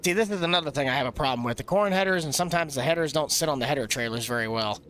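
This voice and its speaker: A man's voice: fairly high pitch, very fast, fairly bright tone, slight background noise. A young man rambling and joking casually while live-streaming a farming game. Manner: rambling, jokey, laughs often. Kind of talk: casual gameplay chatter.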